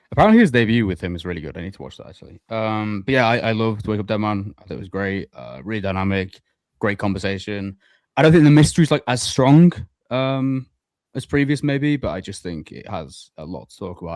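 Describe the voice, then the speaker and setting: Brief: young male podcast host, low voice, dry close mic, casual and sweary. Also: big pitch swings, a little mellow, no echo. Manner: swears casually, quick hot takes. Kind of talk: casual chat.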